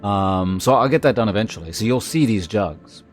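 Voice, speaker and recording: A man's voice: lowish voice, lively intonation, normal speed, faint music behind. A man streaming, chatting casually with his viewers in a rambling way, with many restarts and filler words. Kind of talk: casual chat with live viewers.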